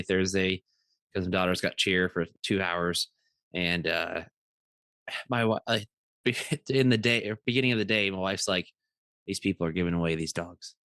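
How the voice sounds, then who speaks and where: A man's voice: low-pitched, a bit bright, clean tone, no room sound. A man co-hosting a podcast, telling stories in casual chat, rambling with many restarts and acting out other people's voices. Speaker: podcast co-host.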